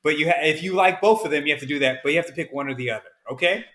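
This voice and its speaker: A man's voice: on the high side, racing, bright, forceful tone. A man from the American South co-hosting a podcast in casual chat, laid-back and rambling, calling his friend "man". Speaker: podcast co-host.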